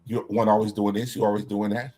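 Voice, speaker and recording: A man's voice: lowish voice, flat delivery, quick pace, darkish tone. A middle-aged man in casual scripture discussion, talking in an emphatic, preacher-like way. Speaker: co-host.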